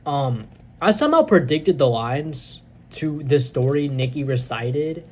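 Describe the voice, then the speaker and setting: A man reviewing a movie, retelling the plot in a casual, excitable, rambling way with many fillers. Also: medium pitch, unhurried, breathy edge.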